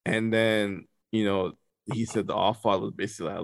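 A man telling a story in a casual, animated way, full of slang and profanity. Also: lowish voice, fairly quick, creaky, no echo.

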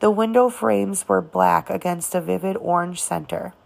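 A woman narrating an audiobook of a novel, reading in a halting way with occasional restarts on words. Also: fairly low pitch, fairly even intonation, gravelly, a little mellow. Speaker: audiobook reader.

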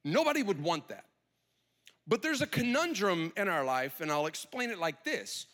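A man's voice: high-pitched, sing-song, normal speed, sharp tone. A middle-aged male pastor preaching a sermon in a conversational, storytelling way, full of rhetorical questions.

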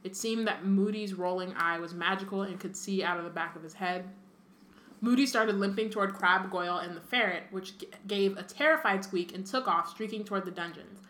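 A woman's voice: medium pitch, a little fast, fairly bright tone, reverberant, slight background noise. A young woman co-hosting a podcast, reading a book aloud with chatty asides. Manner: chatty, laughs often, reads with asides. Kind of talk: casual chat and reading aloud.

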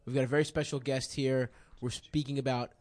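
A man's voice: medium pitch, level tone, brisk, a little mellow, dry recording. A man with a mid-range voice co-hosting a comedy podcast. He laughs easily and slips into goofy introductions, recorded close and dry. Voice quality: laughs often, goofy mock-announcer intros. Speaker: podcast co-host. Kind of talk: casual comedic podcast chat.

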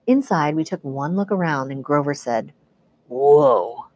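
Low-voiced woman reading a novel aloud. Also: normal speed, no echo. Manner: steady first-person storytelling. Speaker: teacher reading to students.

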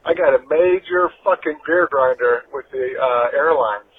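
A man's voice: mid-range voice, normal speed, narrow, tinny audio, slight background noise. Exasperated man on a phone voicemail. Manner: profane, exasperated complaining. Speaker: voicemail caller. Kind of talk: complaining voicemail.

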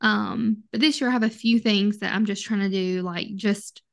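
A woman's voice: medium pitch, steady tone, moderate pace, vocal fry. A woman co-hosting a podcast in casual chat, easygoing and agreeable, laughing often. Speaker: podcast co-host.

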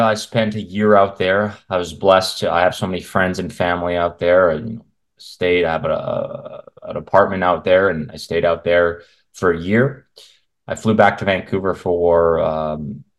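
A man speaking as a guest, a men's health coach, chatting bluntly and with strong opinions in long rambling runs over a video call. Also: low-pitched. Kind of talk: casual interview conversation. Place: at home in Canada.

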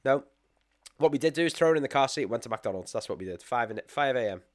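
A man's voice: mid-range voice, expressive, quick pace. Sweary British man telling stories. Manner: swears freely, laughs often, acts out his own thoughts. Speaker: podcast co-host. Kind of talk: casual chat.

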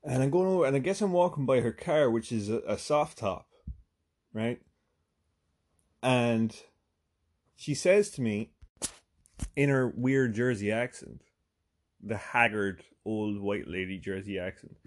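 An Irish podcast host, a man with a mid-range voice, narrates a profane comic story at a slightly slow pace with long pauses. The telling is chatty, dotted with "right?" asides and sudden bursts of emphasis.

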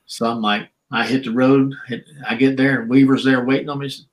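A man's voice: fast talker, hardly any pauses, low-quality recording. An older man, a former pro wrestler telling long stories in a podcast interview and acting out the voices he quotes. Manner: animated storyteller, acts out quotes with shifting pitch. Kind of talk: storytelling interview. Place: podcast recording.

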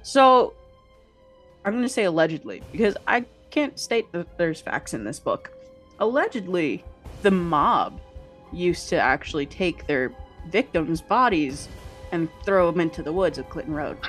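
A woman's voice: lowish voice, big pitch swings, measured pace, faint music behind. A woman co-hosting a casual podcast, teasing her co-host and reading aloud from a book.

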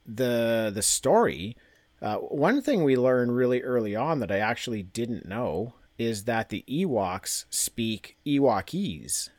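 Man, podcast co-host, mid-pitched, rambling, laughs a lot, dry close sound. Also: expressive, slow, darkish tone, dry recording. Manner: laughs often, rambling with fillers. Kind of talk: casual chat recapping a comic.

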